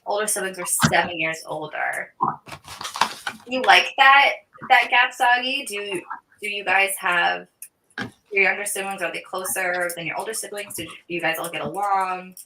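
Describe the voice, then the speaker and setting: A woman's voice: medium pitch, moderate pace, background noise. A woman co-hosting a livestream, chatting casually, telling stories and teasing viewers by name. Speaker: livestream co-host. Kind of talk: casual chat.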